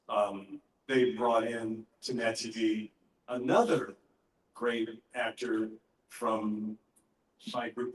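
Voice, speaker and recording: Slow, relaxed middle-aged man on a panel. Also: medium pitch. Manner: relaxed, anecdotal, pauses to gather his thoughts. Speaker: guest voice actor on a fan panel. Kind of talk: live convention Q&A answers. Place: large convention panel room. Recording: echoey hall, voice heard from far off.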